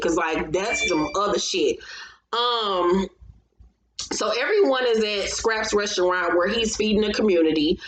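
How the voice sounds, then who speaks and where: A woman's voice: medium pitch, unhurried, a little hiss or hum. A woman hosting her channel, recapping a reality show in casual commentary, blunt and profane, with frequent laughter. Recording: roomy echo.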